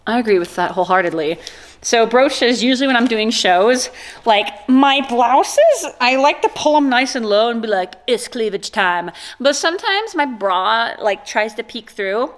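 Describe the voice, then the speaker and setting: A woman's voice: on the high side, very animated, normal speed. A woman in her thirties vlogging casually as she unboxes gifts, gushing and joking with her viewers. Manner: gushing and playful, jokes and exclamations.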